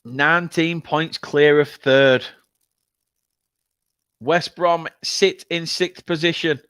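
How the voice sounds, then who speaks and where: A man from England hosts a live football watchalong in an excitable, emotional, chatty way, reading viewer comments aloud. His voice is smooth and resonant. The sound is dry and close, with no room echo. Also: a little high, takes it slowly. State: upset, has been crying. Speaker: football fan channel host.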